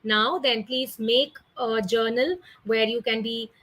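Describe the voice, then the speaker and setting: A woman's voice: on the high side, steady tone, slow pace, fairly bright tone, low-quality recording. A young woman, teaching an online class in a chatty way, often ending with "isn't it?" and "right?". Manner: chatty, with tag questions and fillers.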